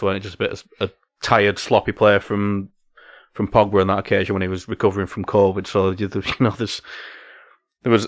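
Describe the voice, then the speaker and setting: A man's voice: lowish voice, no echo, clean studio sound. A man co-hosting a football podcast, chatting casually with many tag questions. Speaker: podcast co-host.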